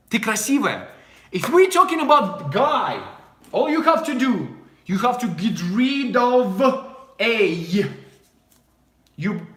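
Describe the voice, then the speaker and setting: A young man from Russia with a Russian accent, giving a casual language lesson and repeating phrases slowly and clearly. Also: high voice, bright, forceful tone, roomy sound. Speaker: language teacher.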